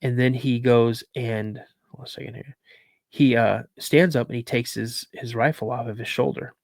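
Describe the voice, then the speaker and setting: Male podcast guest, lively storyteller, mid-pitched, dry close mic. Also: normal speed, vocal fry, no echo. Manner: lively storyteller, repeats words for emphasis. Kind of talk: recounting a personal encounter story.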